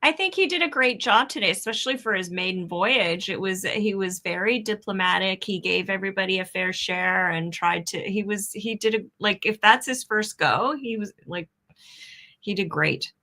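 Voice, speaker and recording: Bright chatty woman co-host. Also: mid-range voice, moderate pace. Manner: chatty, stumbling restarts. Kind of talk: casual chat.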